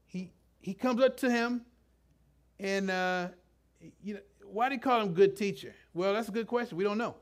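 A middle-aged man preaching a sermon in a conversational, halting way, full of restarts and asides. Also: on the high side. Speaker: pastor.

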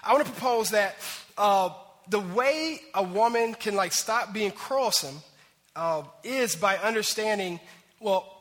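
Guy preaching a sermon, bright voice, lots of hall echo, acts out little voices. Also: sits high, expressive, moderate pace. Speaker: pastor.

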